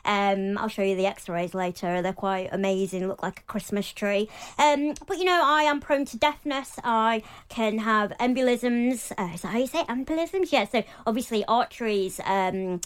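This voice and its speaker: A young woman talking openly as an interview guest, chatty and animated, with lots of fillers. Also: mid-range voice, moderate pace, hardly any pauses, clean tone. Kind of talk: casual interview talk.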